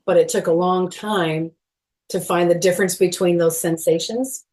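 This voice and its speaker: Middle-aged woman, podcast guest, low-ish pitch, earnest and animated, laughs lightly, uses lots of fillers. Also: normal speed. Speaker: guest, movement educator. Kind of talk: podcast interview.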